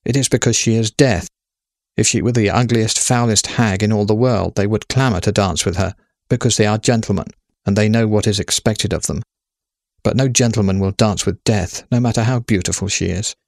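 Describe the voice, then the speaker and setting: A man's voice: lowish voice, moderate pace, gravelly, a little mellow, dry recording, clean studio sound. A man voicing an old noblewoman hostess in a storybook, stiff and dignified. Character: proud elderly noblewoman hostess.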